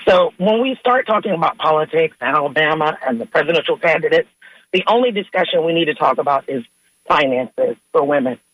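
A woman calling in to a radio show, giving an earnest, measured comment. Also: low-pitched, lively intonation, dry recording, highs cut off. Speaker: caller. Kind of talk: call-in comment.

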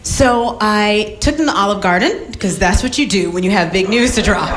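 A woman from the American South performing an animated, self-mocking stand-up set before a loud audience. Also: mid-range voice, measured pace, echoey room, very noisy. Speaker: stand-up comedian. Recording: live stage with loud crowd.

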